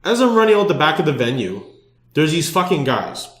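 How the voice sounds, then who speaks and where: A man's voice: on the high side, big pitch swings, a little fast, a bit bright. A man hosting a podcast, telling a story with lots of swearing and filler words. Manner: swears a lot, fills with "like". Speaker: podcast host. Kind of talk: animated storytelling. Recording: echoey room.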